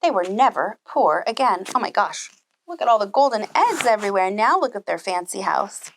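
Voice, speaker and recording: A woman teacher reading a storybook aloud to young children, animated, with gasps and asides. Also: mid-range voice, normal speed, background noise. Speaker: preschool teacher.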